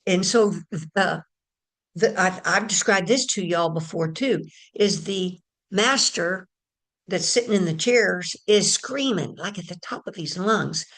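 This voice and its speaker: A woman's voice: mid-range voice, vocal fry, a bit bright. A woman giving a casual spiritual talk, telling a story in a chatty way and addressing her listeners directly. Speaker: spiritual teacher.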